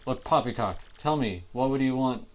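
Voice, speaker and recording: A man's voice: mid-range voice, normal speed, lightly acted. A man reading as a curt old sailor. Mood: dismissive. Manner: curt and dismissive. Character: evasive grumpy old male sailor.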